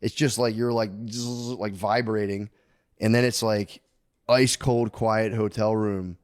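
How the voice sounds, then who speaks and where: A man in his thirties co-hosting a casual podcast, his voice sitting a little low and sounding close and dry. He swears freely and tells rambling stories, now and then jumping into the high voices of the people in them. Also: unhurried, no room sound. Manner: swearing, animated storytelling with acted-out voices of his kids. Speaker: podcast co-host. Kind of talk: casual chat.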